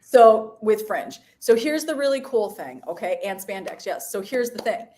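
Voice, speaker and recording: A woman's voice: mid-range voice, expressive, normal speed, warm tone, slight background noise. A woman co-hosting a live stream in casual chat, bubbly and teasing, laughing often. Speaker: co-host.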